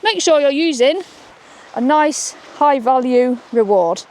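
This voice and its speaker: A chatty woman with a fairly high voice teaches dog training while out on a walk. She talks upbeat and keeps checking in with "okay?", recorded outdoors on a camera she holds. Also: animated, slow pace, darkish tone. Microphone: camera she holds while walking.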